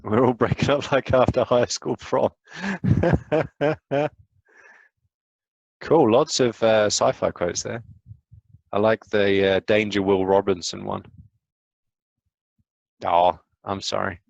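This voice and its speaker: A man giving an enthusiastic live science lecture over a video call, talking quickly with lots of fillers and asides. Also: lowish voice, fairly even intonation, vocal fry, dry recording, lo-fi sound. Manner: enthusiastic, fast, rambling with fillers.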